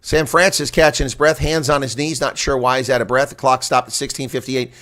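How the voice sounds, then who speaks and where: A man delivers fast-paced live rugby play-by-play, chatting with viewers and shouting during big plays. His voice sits in the mid range with a steady tone.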